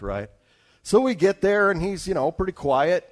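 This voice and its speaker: His voice is on the high side and sing-song, at normal speed. He's a traveling evangelist from Alaska, United States, telling his personal testimony conversationally, often restarting and turning aside to address his listeners.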